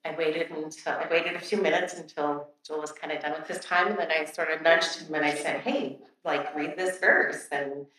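A woman's voice: low-pitched, steady tone, normal speed, hardly any pauses, a bit bright, a little hiss or hum. A woman telling her church about a prayer time, casual and hesitant with many fillers, reading a scripture aloud. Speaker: church member sharing a testimony. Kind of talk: testimony to a church. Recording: very echoey, distant from the mic.

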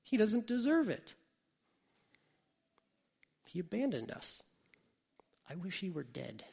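Bitter older brother, a young man full of grievance, with a gravelly, husky, slightly high voice, as a preacher puts him on. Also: sing-song, slow pace, a little mellow, full character voice. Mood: angry. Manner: bitter, self-pitying complaints.

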